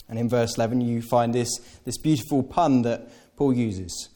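A man's voice: mid-range voice, normal speed, few pauses, mellow. A man preaching a sermon to a congregation, talking in a conversational way with playful asides and self-corrections. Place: church hall with congregation.

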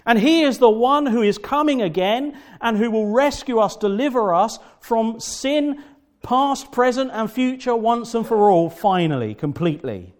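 A man preaching a sermon as pastor, fervent and emphatic, repeating phrases and slowing down to stress key words. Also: extremely high pitch, animated.

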